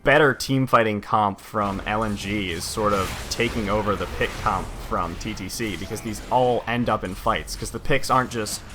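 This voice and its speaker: A man's voice: lowish voice, normal speed, few pauses, noisy background. A man calling play-by-play for an esports match, describing fights as they happen.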